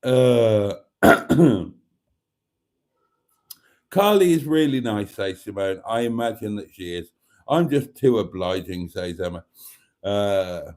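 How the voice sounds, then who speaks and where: A man's voice: lowish voice, expressive, slow, long pauses, darkish tone. A man hosting a casual live stream, reading viewer comments aloud and chuckling often.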